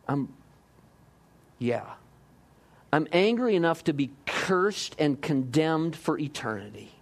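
A man preaching a sermon, lively, acting out voices and joking with the congregation. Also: fairly high pitch, slow. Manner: lively, acts out quotes, jokes with the congregation. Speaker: pastor.

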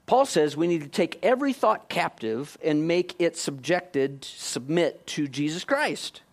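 A man preaching a sermon, questioning his listeners directly and moving between hushed and emphatic delivery. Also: a little high, expressive, a little slow. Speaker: pastor.

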